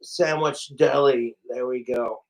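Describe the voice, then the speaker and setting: A man livestreaming in a casual, rambling, excitable way, a bit tipsy and slurring from alcohol, swearing often. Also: medium pitch, takes it slowly, gravelly, poor audio.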